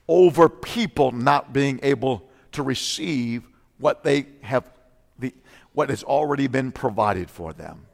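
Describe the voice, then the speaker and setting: A male preacher delivering a fervent sermon, swinging from loud outbursts to low, intense teaching, often clearing his throat. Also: animated, unhurried. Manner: frequent throat clearing and repeated "come on now". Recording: long reverb of a large hall.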